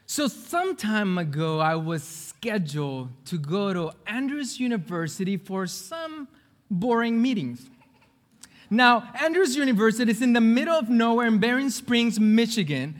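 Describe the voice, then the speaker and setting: A male preacher from California delivering a sermon as an animated storyteller who acts out the voices of the people in his story. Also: sits high, measured pace, big-room sound.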